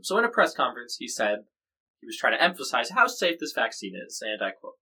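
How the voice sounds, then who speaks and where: A man's voice: mid-range voice, very animated, brisk, bright, forceful tone, poor audio. An American man co-hosting a casual news podcast, explaining stories in a chatty, jokey, rambling way. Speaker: podcast co-host.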